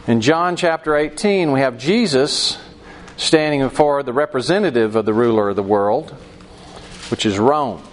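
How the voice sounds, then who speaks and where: A man's voice: mid-range voice, moderate pace, slight background noise. A man leading a Bible study class in a conversational way, acting out quoted voices and asking the class questions.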